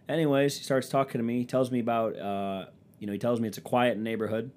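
A man's voice: medium pitch, fairly even intonation, fast talker, few pauses, darkish tone. A young man with a stuffy nose from allergies, rambling through a sarcastic, profanity-laced comedic monologue. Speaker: vlogger.

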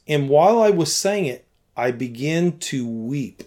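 A man, a youth pastor, tells a story in conversation, acting out his own past lines, swinging between loud bursts and hushed tones. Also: fairly high pitch, expressive, measured pace.

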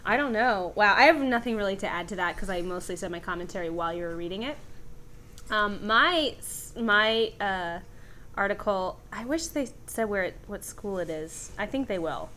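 A woman's voice: mid-range voice, lively intonation, moderate pace, pushed and bright, a little hiss or hum. A young woman co-hosting a casual podcast, chatty and giggly. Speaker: podcast co-host. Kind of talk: casual chat.

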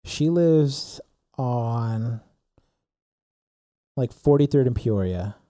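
Young dude rambling through a story on a podcast, says like a lot, super dark mellow voice. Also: male voice, medium pitch, drawn-out words, no echo, clean studio sound. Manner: rambling, animated storyteller with many "like"s. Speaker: podcast co-host. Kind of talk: casual storytelling chat.

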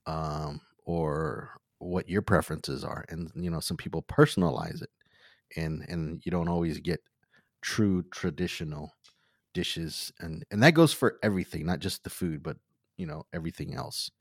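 A man with a very low, deep voice hosts a podcast in a relaxed chat. He talks thoughtfully and hesitates, with many ums and restarts. The recording is dry and close. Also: moderate pace, no echo. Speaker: podcast host. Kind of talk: casual conversation.

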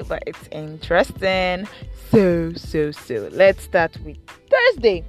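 A woman's voice: on the low side, very animated, slow pace, soft background music. A young woman with a Nigerian accent chatting playfully about her week in a car, slipping into Pidgin. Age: young adult. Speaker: vlogger. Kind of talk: casual storytelling chat.

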